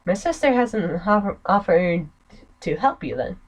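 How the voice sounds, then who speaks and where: A woman's voice: medium pitch, sing-song, measured pace, low-quality recording. A woman reading the part of a bitter, scheming young nobleman in a game, in her own voice with an American accent.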